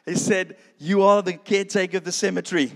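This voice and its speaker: A man's voice: high voice, fairly even intonation, fast talker, vocal fry, fairly bright tone. A man giving a sermon testimony, telling his story with self-deprecating humor and calling his listeners friends. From South Africa. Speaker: preacher. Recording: long hall reverb.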